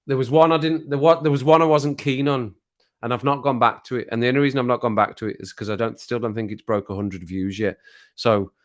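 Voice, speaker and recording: A man with a Black Country accent hosting a casual livestream chat, rambling and chatty and laughing often. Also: medium pitch. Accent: Black Country English. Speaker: livestream host.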